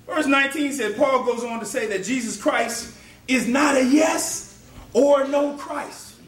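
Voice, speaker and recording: Very high-pitched man, preacher, shouting sermon, echoey church, distant mic. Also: a little slow, slight background noise. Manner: emphatic, often shouting, chanting "uh" between phrases.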